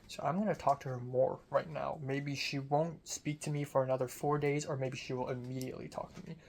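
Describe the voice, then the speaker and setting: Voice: mid-range voice, fairly even intonation, fairly quick, gravelly, a little mellow. A young adult film student talking in a casual diary vlog, rambling, self-deprecating and swearing casually.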